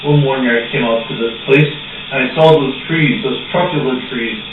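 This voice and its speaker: A man's voice: medium pitch, normal speed, noisy background. A man reciting a rhyming story in a rambling, sing-song way for a homemade puppet skit. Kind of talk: amateur storytelling in rhyme. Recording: very echoey, dull, distant home recording.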